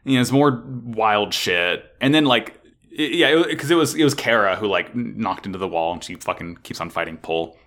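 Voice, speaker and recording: Lively guy recapping a cartoon, bright voice, swears a lot, lots of pitch jumps. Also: moderate pace. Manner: animated, swears a lot, acts out characters' lines. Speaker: podcast co-host recapping an anime. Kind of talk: casual chat.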